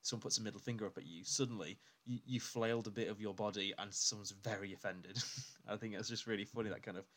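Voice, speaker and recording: Man, low voice, quick rambling talk, podcast co-host, casual chat. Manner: rambling, animated storytelling with many fillers.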